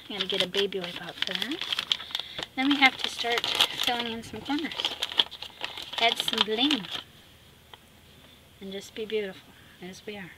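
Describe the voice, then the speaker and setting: A woman's voice: medium pitch, normal speed, pauses often. Sassy woman chatting while she crafts. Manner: chatty, drifting into soft whispers; sassy, talks to herself while working. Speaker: art vlogger. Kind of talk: casual chat while crafting. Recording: steady background noise with clicks.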